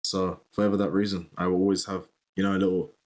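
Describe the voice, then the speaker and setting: A man's voice: deep voice, level tone, quick pace, darkish tone. A man with a British accent, a podcast guest, talking in a laid-back, rambling way. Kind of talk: casual chat.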